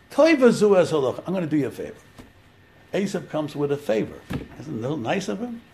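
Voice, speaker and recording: A man's voice: on the high side, creaky, a little hiss or hum. A man giving an informal religious lecture, telling the story animatedly and acting out the quotes. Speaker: Torah teacher.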